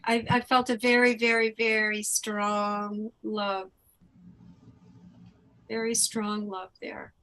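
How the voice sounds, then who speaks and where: A woman hosting a call-in channeling session as a medium, gentle and affectionate toward her callers. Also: mid-range voice, level tone, slow, long pauses, rough recording. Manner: gentle, affectionate, calls people sweetheart. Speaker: host, psychic medium.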